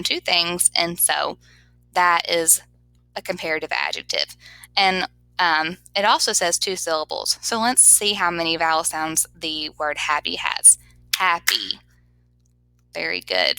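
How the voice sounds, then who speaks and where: A woman's voice: fairly low pitch, gravelly, sharp tone, dry recording, rough recording. A woman teacher giving a grammar lesson over slides, patiently sounding words out syllable by syllable.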